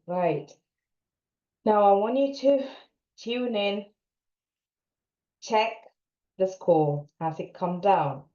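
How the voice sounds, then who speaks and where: A woman with a lowish voice leads a guided EFT tapping session, giving calm, steady instructions and repeating short phrases for the listener to say. The sound is roomy and a little dull, like a lo-fi recording in an echoey space. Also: slow. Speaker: co-parenting coach.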